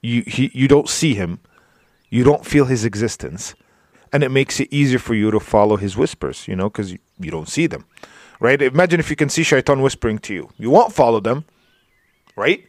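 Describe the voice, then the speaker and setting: A male preacher delivers a relaxed religious lecture, with a voice of ordinary pitch for a man. He often checks in with his listeners, fills pauses with small words and restarts his sentences. The recording is dry and close, with no room sound. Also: no room sound. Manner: informal, checks in with "right?" and "you know", many fillers and restarts. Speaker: Islamic preacher.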